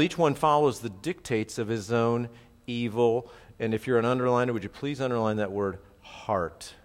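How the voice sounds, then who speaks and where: A man's voice: mid-range voice, long reverb tail. A middle-aged man preaching an expository sermon as pastor, talking conversationally with asides and frequent check-ins with his listeners.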